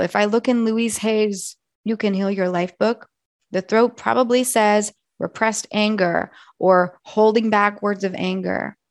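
A woman speaks in a reflective personal monologue, her voice hoarse and full of fry. She talks slowly, softly and earnestly, the way a coach talks to clients. The sound is dry and close. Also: mid-range voice, dry recording. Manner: slow, soft and earnest. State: hoarse from yelling. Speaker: wellness coach.

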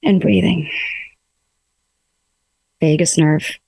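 A woman coaching listeners through emotions in a gentle, coaxing self-help talk, speaking her self-talk aloud from a room in her home. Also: on the low side, normal speed, long pauses, no echo.

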